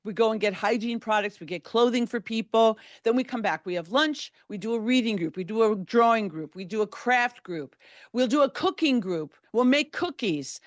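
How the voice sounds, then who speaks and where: Middle-aged female podcast host, storyteller; measured, vivid narration with dramatic build; dry, close sound. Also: on the high side, expressive, no echo. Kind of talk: first-person true storytelling.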